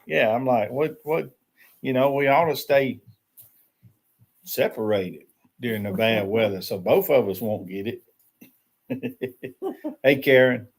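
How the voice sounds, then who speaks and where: A relaxed man talking casually over morning coffee, laughing easily and calling out hellos to viewers. His voice sits at an ordinary middle pitch and the talk rambles at an unhurried pace. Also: husky. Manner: easygoing, laughs often, greets viewers by name. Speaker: livestream host. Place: small shed used as a tiny house.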